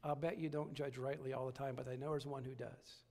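A man's voice: mid-range voice, flat delivery, fairly quick, darkish tone, long reverb tail. A man preaching a sermon as pastor, repeating phrases and building to emphatic peaks. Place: church sanctuary.

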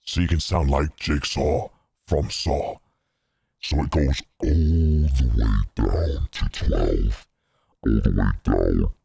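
A man speaking through a pitch-shift effect that drops his voice far down, playful and hamming it up. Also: slow, vocal fry, warm tone, husky, no room sound, studio quality, full character voice.

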